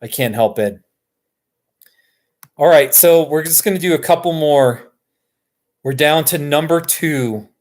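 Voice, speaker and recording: Brief: American male streamer, slightly high voice, relaxed slow chat, easily excited. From Colorado, USA. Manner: chatty and excitable, chuckling often. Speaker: YouTuber hosting a live stream. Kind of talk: casual live-stream chat.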